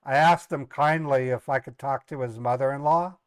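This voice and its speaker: A man's voice: mid-range voice, normal speed, smooth, dry recording. A middle-aged man casually telling family stories on a livestream, rambling, repeating words and laughing at his own jokes. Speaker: live streamer and scambaiter.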